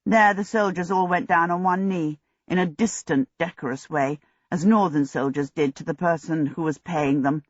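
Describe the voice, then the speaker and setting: Steady storybook narrator, mid pitch, kinda dull lo-fi audio. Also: moderate pace, few pauses, no room sound. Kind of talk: scripted narration.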